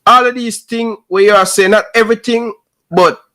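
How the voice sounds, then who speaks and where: Relaxed male host. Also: high voice, normal speed. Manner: relaxed, mixes in patois. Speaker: show host. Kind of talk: casual interview.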